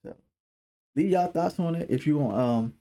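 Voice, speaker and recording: Raspy young guy on a podcast, gravelly and kinda hoarse, rambling stories full of slang. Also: a little high, normal speed. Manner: animated storyteller, slangy and profane. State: hoarse throat. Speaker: podcast co-host. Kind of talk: casual chat.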